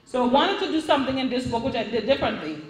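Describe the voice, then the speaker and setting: A middle-aged woman with a Caribbean English accent, an author speaking to a live audience at a book signing in a chatty, animated way. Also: on the high side, rapid-fire, recorded from a distance. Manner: chatty, animated storytelling with restarts. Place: event room. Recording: echoey room.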